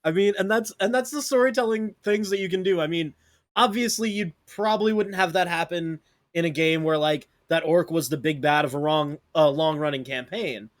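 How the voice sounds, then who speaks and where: A man's voice: a little high, normal speed. Easygoing man in a podcast chat. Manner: easygoing, reacts with short exclamations. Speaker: podcast co-host. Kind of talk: casual chat.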